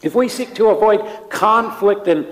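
High-voiced man preaching in a reverberant hall. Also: unhurried. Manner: conversational preaching with rhetorical questions. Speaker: pastor. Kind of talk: sermon. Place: church sanctuary.

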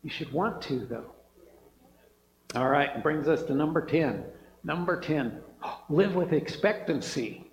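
A man's voice: on the high side, animated, a little slow, pauses often. A male preacher delivering an enthusiastic, emphatic sermon, often punctuating lines with "man" and "right?". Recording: echoey hall, dull sound.

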